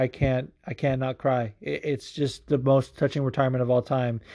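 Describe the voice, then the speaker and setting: A man with a warm, mellow tone hosts a casual podcast from home. He tells his stories with excitable energy and swears freely as he goes. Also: medium pitch. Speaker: podcast host.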